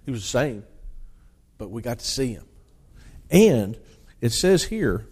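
A man's voice: medium pitch, very animated, measured pace, pauses often, darkish tone, slightly rough. A man preaching a sermon, reading scripture aloud with rising emphasis and explaining it in plain talk with restarts.

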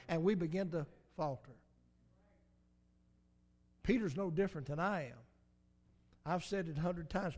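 A man's voice: on the high side, darkish tone. A man preaching a sermon in an emphatic, repetitive cadence, with swells of volume.

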